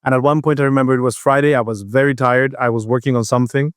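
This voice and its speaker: A man co-hosts a casual podcast, telling a work story at an ordinary pitch. He stops and restarts often and acts out the other people's lines as he goes. The sound is dry and close. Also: steady tone, clean tone, no room sound. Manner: storytelling, halting with restarts, acts out quoted voices. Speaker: podcast co-host. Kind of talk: casual chat.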